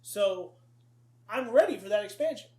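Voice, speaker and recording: High-voiced, excitable man in an echoey room. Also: normal speed. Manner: excited, laughs often, quotes movie lines. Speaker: podcast co-host. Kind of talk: casual chat.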